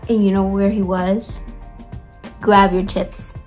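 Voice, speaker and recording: A young woman vlogger tells a rambling school-days story while applying makeup, filling it with fillers, recorded close on a phone indoors. Her medium-pitched voice is slow and dark with little pitch movement, and faint music plays behind.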